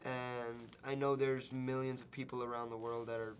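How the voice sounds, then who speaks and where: A man's voice: medium pitch, little pitch movement, normal speed, clean tone. A young male actor in an interview, speaking eagerly about his big break.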